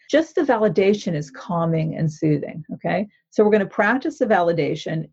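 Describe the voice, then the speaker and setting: A woman's voice: fairly low pitch, creaky, a little mellow, husky, dull audio. A woman therapist explaining a mindfulness practice in an interview, in an earnest, instructive way that often checks in with the listener. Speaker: therapist author.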